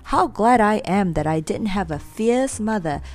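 A woman's voice: mid-range voice, expressive, unhurried, a little mellow, lightly acted. A woman voicing a small, boastful young male pony who speaks eagerly and cheekily.

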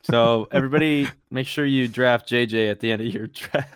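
A man's voice: medium pitch, fairly quick, smooth, dry recording, clean studio sound. A man hosting a casual sports podcast, blunt and emphatic, swearing freely. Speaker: podcast host.

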